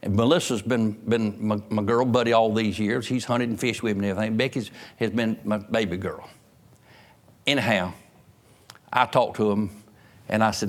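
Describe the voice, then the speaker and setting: A pastor, preaching a sermon and telling homespun stories. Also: male voice, on the low side, fairly even intonation, normal speed. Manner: folksy storytelling preacher, rising in emphasis.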